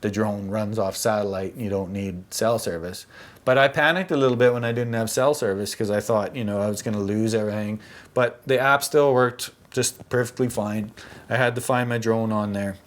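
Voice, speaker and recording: A man vlogging, telling a story casually in a chatty, animated, slangy way. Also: lowish voice, normal speed.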